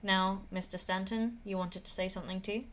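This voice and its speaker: A woman's voice: mid-range voice, fairly even intonation, brisk, a bit bright, a little hiss or hum, natural voice. Woman reading as a solemn funeral officiant. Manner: solemn, flowery. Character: calm funeral officiant, poetic.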